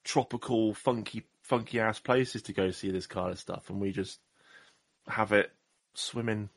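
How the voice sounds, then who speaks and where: A man's voice: on the low side, steady tone, measured pace, vocal fry, dry recording. A man hosting a podcast in casual chat, rambling and self-deprecating with jokes. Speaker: podcast host.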